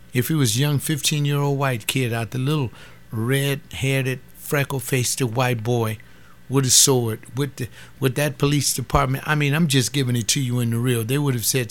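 Gravelly seventy-year-old man ranting. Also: mid-range voice. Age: 70s. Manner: impassioned, rising to outrage. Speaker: webcast host. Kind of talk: casual monologue commentary.

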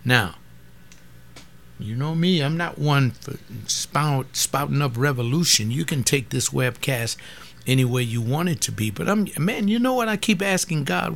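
A man's voice: fairly high pitch, lively intonation, unhurried, creaky, fairly bright tone. A man of seventy giving an impassioned webcast monologue as its host, rising to outrage. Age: 70s. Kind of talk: casual monologue commentary.

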